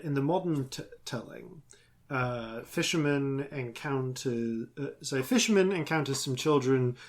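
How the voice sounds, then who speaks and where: Male host, dungeon master, mid-pitched, chatty, halting storytelling. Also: slightly rough. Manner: rambling, halting storyteller with many ums. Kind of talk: casual podcast chat and storytelling.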